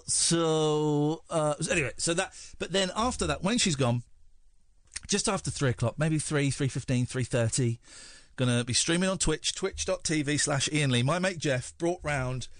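A man's voice: a little high, no room sound, clean studio sound. A man with an English accent hosting a radio show, rambling and self-mocking in casual chat. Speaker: radio host.

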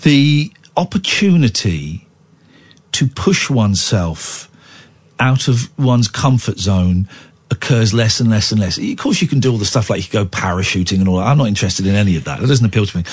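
A man in his forties hosts late-night talk radio. His pitch swings about animatedly as he rambles and teases his co-host and callers. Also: animated, moderate pace, husky. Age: 40s. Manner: rambling, playful and teasing.

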